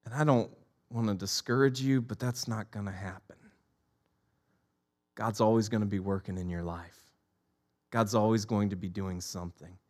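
A man in his forties preaching a sermon, telling stories with lively repeated phrases. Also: lowish voice, moderate pace, pauses often.

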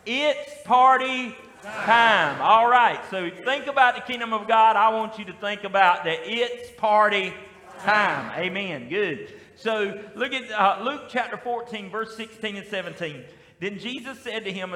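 A man with a Southern US accent preaching a sermon as pastor, with lively call-and-response. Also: high voice. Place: church sanctuary. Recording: echoey hall with long reverb.

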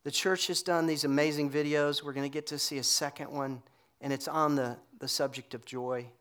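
A man's voice: a little high, fairly even intonation, normal speed, fairly bright tone, smooth. A middle-aged man preaching a sermon in a church, telling a story in a loose, chatty way with fillers. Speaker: pastor. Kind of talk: conversational sermon.

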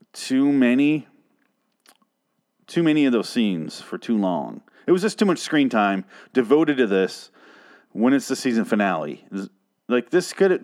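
A man hosting a podcast, recapping a TV episode in a rambling, profane, animated way. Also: medium pitch. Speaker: podcast host.

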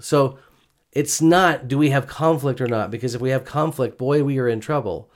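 A man's voice: mid-range voice, moderate pace. A middle-aged man co-hosting a casual gospel discussion about marriage, earnest and chatty, often checking in with "right?". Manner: earnest, chatty, frequent "you know" and "right?". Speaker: podcast co-host.

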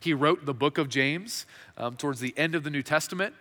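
Bright-voiced man preaching in a hall. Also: on the high side, brisk. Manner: conversational, with frequent restarts and fillers. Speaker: pastor. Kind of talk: sermon. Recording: reverberant hall.

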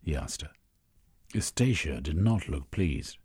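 A man reading a story aloud as narrator, in measured storytelling. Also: rumbling low, lively intonation, warm tone, slightly rough. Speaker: audiobook narrator. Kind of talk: scripted narration.

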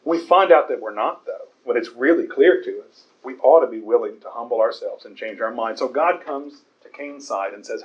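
A man's voice: medium pitch, expressive, a little fast, few pauses, a little mellow, muffled recording. A man preaching a conversational Bible sermon in an earnest way, often stumbling over repeated words.

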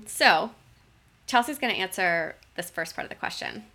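A woman's voice: medium pitch, lively intonation, measured pace, pushed and bright. A woman co-hosting a nutrition podcast in casual chat, reading listener questions aloud, laughing easily and dropping "like" and "you know" often. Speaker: podcast co-host.

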